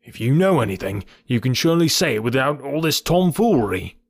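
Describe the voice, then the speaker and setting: A man's voice: mid-range voice, normal speed, no echo, studio quality, natural voice. A man voicing an angry, indignant police inspector in a Victorian detective audiobook. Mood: irritated. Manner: loud, indignant, exasperated.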